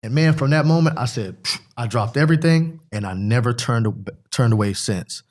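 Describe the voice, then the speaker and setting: A man's voice: mid-range voice, lively intonation, a little fast, darkish tone. A middle-aged man from Pennsylvania, a former football player as guest, telling an emotional personal testimony in a rambling, earnest way that keeps repeating itself.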